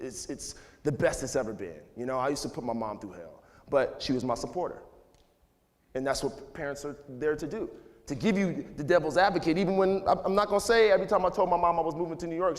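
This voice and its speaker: A man in his thirties gives a casual, candid talk to students, relaxed and conversational, laughing often and filling his speech with "you know" and "like." His voice is mid-range, and the large hall adds a long reverb.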